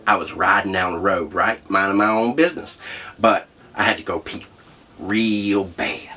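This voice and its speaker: A man hosting a comedy show, telling a profane story in a brash, loud way. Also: sits low, normal speed. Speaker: host. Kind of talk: comedic monologue.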